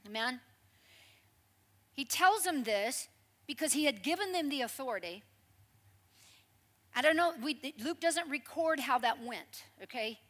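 High-pitched woman preaching animatedly. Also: a little slow, pauses often. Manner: lively, animated storytelling with conversational asides. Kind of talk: sermon.

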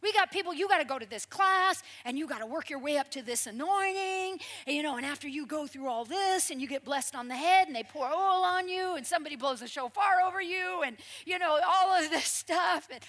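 Woman preaching a sermon, high voice, chatty and animated, tosses in lots of asides. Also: moderate pace. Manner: lively, animated storytelling with conversational asides.

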